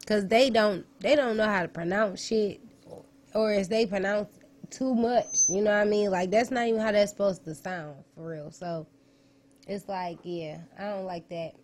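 A woman's voice: mid-range voice, darkish tone. A woman, co-hosting a casual comedic chat, blunt, profane and emphatic.

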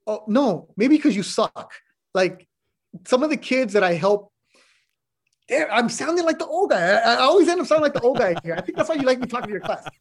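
Blunt, high-voiced middle-aged man. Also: brisk. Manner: blunt, animated storytelling with swearing. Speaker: sports broadcaster, podcast guest. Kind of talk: casual chat.

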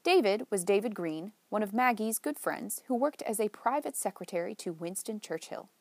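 A woman narrating a novel in a measured, lightly wry storytelling manner. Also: medium pitch, lively intonation, darkish tone, no room sound. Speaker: audiobook narrator. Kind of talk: scripted narration.

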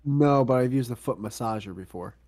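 A mid-pitched man ribs his co-host with loose, profane banter, breaking into laughter often. He talks like an easygoing podcast regular over a remote call. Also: fairly quick, a little mellow. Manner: teasing, swears freely, laughs often.

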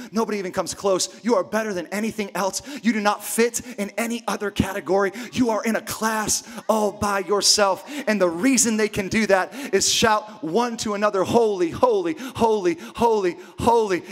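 A man preaching a sermon as pastor, emphatic and repetitive, swinging from shouts down to hushed near-whispers. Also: sits high.

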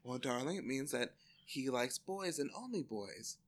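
A man voicing a prim, posh mother who speaks softly in a genteel drawl. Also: mid-range voice, expressive, measured pace, pitched below the performer's own voice, lightly acted.

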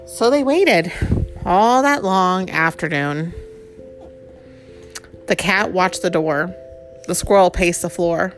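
A woman's voice: fairly low pitch, slow, pauses often, faint music behind. A woman reading a picture book aloud to a child, with chatty asides about the pictures.

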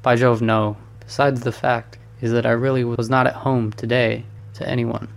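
A man's voice: mid-range voice, little pitch movement, normal speed, creaky, lightly acted. A man reading a storybook, voicing a cheerful, worldly male painter who teases his friend. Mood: amused. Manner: teasing, amused. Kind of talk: audiobook reading.

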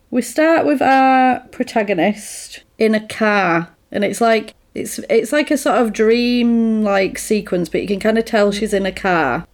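A woman in casual chat, rambling through a film plot with lots of "like" and "sort of". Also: medium pitch.

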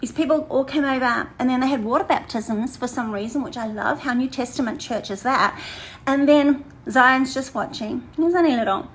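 A woman's voice: sits high, moderate pace, slight background noise, poor audio. Chatty older woman pastor. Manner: chatty, animated, laughs often, repeats phrases. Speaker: women's ministry leader. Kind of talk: casual livestream chat to a women's group.

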